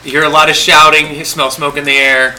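Game master man narrating with pauses. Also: a little high, a crowd in the background, poor audio. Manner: relaxed narration with frequent "uh" pauses.

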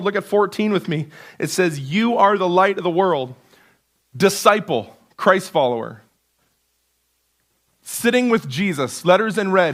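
A pastor preaching a sermon in church, earnest and conversational, building emphasis through repetition. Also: male voice, high-pitched, fairly bright tone. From Canada. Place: church sanctuary.

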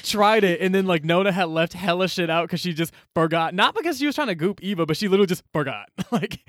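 A man's voice: high voice, animated, fast, fairly bright tone, no room sound, studio quality. A man co-hosting a casual book podcast, retelling scenes animatedly and acting out the characters' lines, with lots of "like". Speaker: podcast co-host.

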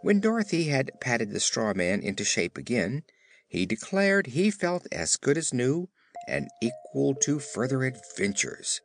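Expressive male audiobook narrator. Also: medium pitch, unhurried, a little hiss or hum. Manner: expressive storytelling. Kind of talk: scripted narration.

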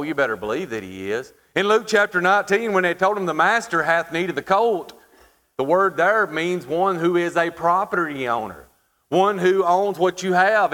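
A man preaching a sermon, asking the congregation questions and pausing for emphasis. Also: on the high side, a bit bright. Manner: preaching with rhetorical questions and dramatic pauses. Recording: hall reverb.

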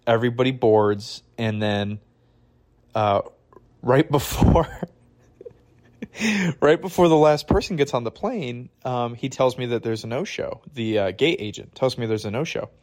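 A man's voice: medium pitch, normal speed. A man from Michigan, a podcast host, telling a faith story in a casual, chatty, slangy way. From Michigan, USA.

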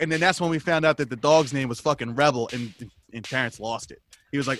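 A man telling a story in casual chat, animated, laughing often and swearing freely. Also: on the high side, normal speed, soft background music.

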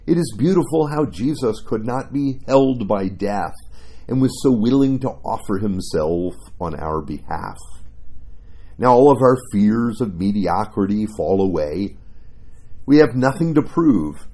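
声音沙哑、语速缓慢的布道男子. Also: male voice, fairly low pitch, a little slow, slightly rough. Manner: earnest, expressive storytelling. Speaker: preacher. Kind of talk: devotional sermon with story reading.

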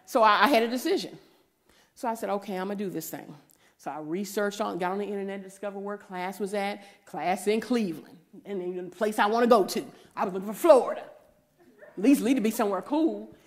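A woman, giving a preaching testimony and acting out the voices in her story, sometimes rising to a shout. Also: medium pitch, brisk. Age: 40s.

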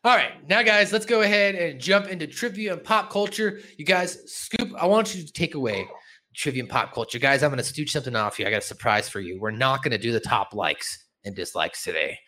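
Animated podcast host recapping an episode. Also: male voice, a little high. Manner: animated storytelling, quick to laugh.

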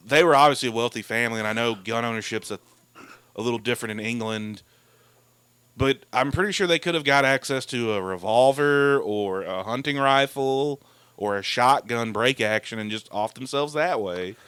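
A man's voice: medium pitch, normal speed, fairly bright tone, smooth, no echo. A man co-hosting a casual film podcast, blunt and sardonic, often finishing his partner's thoughts. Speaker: podcast co-host.

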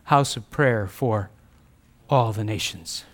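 A man's voice: lowish voice, slow. A man preaching a sermon, reading scripture aloud and speaking earnestly with repetition for emphasis. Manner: reads scripture aloud, conversational asides.

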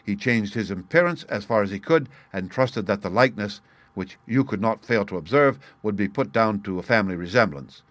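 A man reading the lines of a sharp, confident male detective in a crisp, explanatory manner. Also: fairly low pitch, brisk, no room sound. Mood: explaining. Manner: crisp, explanatory, bursts of excitement.

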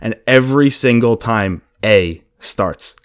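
A man's voice: medium pitch, slow, smooth. A man hosting a podcast, welcoming a guest in an upbeat, jokey way. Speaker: podcast host. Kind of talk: casual podcast chat.

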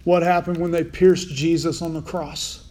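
A man's voice: on the high side, level tone, normal speed, darkish tone. A man preaching a casual Bible sermon, asking his listeners questions as he goes. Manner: informal, asks the listeners questions. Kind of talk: conversational sermon.

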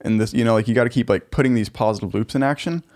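Fast-talking young man, casual chat. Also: mid-range voice, a little mellow. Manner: quick, conversational, uses many fillers.

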